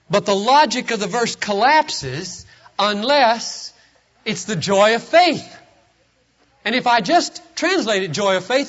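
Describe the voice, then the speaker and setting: A middle-aged man preaching with a high, lively voice that jumps around in pitch. He is emphatic, stressing and drawing out key words as he works through his point. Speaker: pastor. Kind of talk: sermon.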